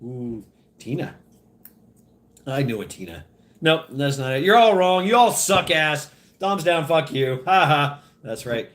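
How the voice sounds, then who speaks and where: A man in his thirties hosts a casual livestream and rambles to his viewers. He swears freely and laughs at his own jokes. His pitch moves all over the place, swinging up and down. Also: very animated, moderate pace, fairly bright tone. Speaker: livestream host. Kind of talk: casual livestream chat with chat readers.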